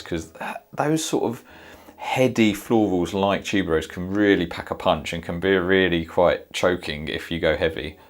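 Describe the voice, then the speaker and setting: Low-voiced man thinking aloud on fragrances. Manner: thinking aloud, hesitant with many fillers; sniffs and reacts in the moment. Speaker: fragrance reviewer. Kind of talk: casual product review.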